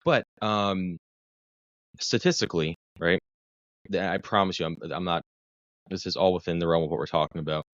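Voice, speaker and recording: A man's voice: low-pitched, fairly even intonation, normal speed, long pauses, a bit bright, no room sound, dull audio. A man, a clinician who works with first responders, telling a long personal story in casual podcast chat, swearing freely and correcting himself as he goes. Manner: profane, rambling, self-correcting storyteller. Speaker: guest, mental health clinician for first responders.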